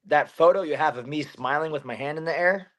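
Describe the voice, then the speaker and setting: A man's voice: on the high side, brisk, fairly bright tone. A man guesting on a podcast as a fighter, talking intensely and swearing often as he builds into a fired-up rant. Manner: intense, profane, rising to a pumped-up rant.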